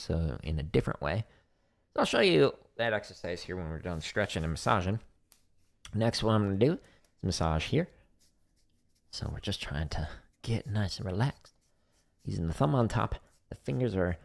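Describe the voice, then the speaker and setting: A man with a low, gravelly voice teaches drumming on a practice stream. His pitch moves a lot as he walks through each exercise and counts the patterns aloud. He keeps the talk relaxed and casual. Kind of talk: instructional livestream talk.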